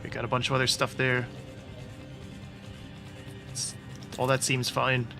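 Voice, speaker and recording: A gaming YouTuber in a monotone, mid-range voice and measured pace gives casual let's-play commentary. He tosses out sarcastic, joking asides as he plays, with game audio and music running behind him.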